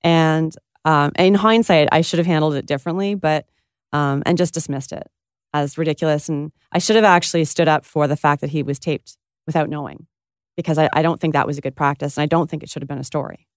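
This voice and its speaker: A woman's voice: sits low, steady tone, brisk, no room sound, clean studio sound. A woman giving candid, reflective answers in an interview, thinking aloud as she goes. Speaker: interviewed politician.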